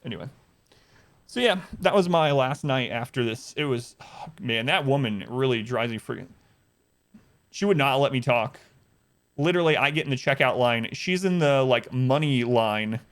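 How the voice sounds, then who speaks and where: A man telling an exasperated story on his live stream, animated and acting out the people he quotes. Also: mid-range voice, moderate pace. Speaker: livestreamer.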